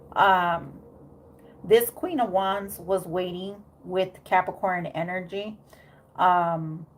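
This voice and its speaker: A woman's voice: fairly low pitch, slight background noise. A woman giving a casual tarot reading, thinking aloud with many fillers and frequent "okay?" check-ins. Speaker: tarot reader.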